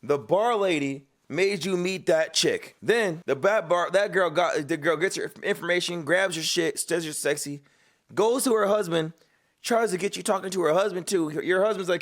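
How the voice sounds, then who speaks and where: A man's voice: sits high, moderate pace. A man reacting to a clip as a streamer, blunt, swearing and incredulous. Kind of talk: reaction commentary.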